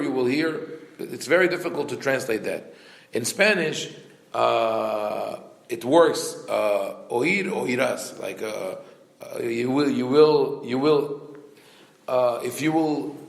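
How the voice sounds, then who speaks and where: A man's voice: mid-range voice, creaky, roomy sound. A man, a rabbi, teaching a Torah class with rhetorical questions and frequent restarts.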